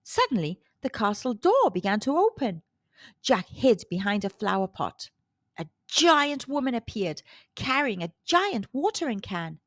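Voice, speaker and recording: A woman reads a children's storybook aloud, slow and expressive. Her voice is fairly high and moves a lot in pitch. The recording is close and dry. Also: no room sound.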